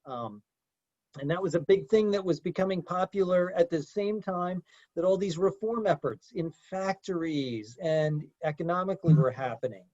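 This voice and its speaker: A man's voice: sits high, normal speed, darkish tone, no room sound. A man leading a group discussion in a conversational lecture style. He talks hesitantly, with many fillers. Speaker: discussion leader. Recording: dull lo-fi dry sound.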